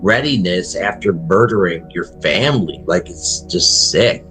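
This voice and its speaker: Young guy, lowish voice, tossing in crude jokes, faint music. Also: lively intonation, a little slow, pushed and bright. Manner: blunt, joking interjections. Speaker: co-host. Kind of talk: casual chat reactions.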